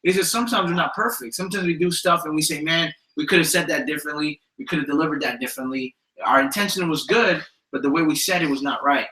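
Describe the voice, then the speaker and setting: A man's voice: fairly high pitch, fast, few pauses, pushed and bright. A man co-hosting a casual chat about relationships, eager and agreeing, with casual slang. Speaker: co-host. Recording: echoey room.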